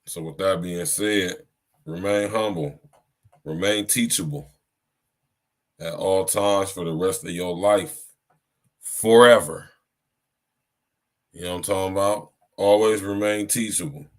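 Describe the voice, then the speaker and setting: Deep-voiced man preaching on a podcast. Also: fairly even intonation, measured pace. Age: 30s. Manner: preachy, repeats "you hear me" and "man". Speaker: podcast host. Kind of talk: casual live-stream monologue.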